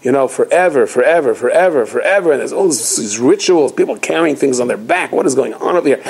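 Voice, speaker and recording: A man's voice: medium pitch, fast talker, vocal fry, low-quality recording. A man, a rabbi, giving an inspirational holiday talk, telling stories animatedly and acting out the quotes. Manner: animated storytelling with acted quotes.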